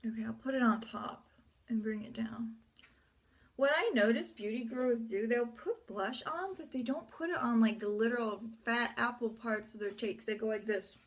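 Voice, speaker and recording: A woman's voice: a little high, moderate pace. A woman chatting through a makeup tutorial at home in front of her mirror, rambling with offhand asides and muttered whispers. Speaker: beauty vlogger.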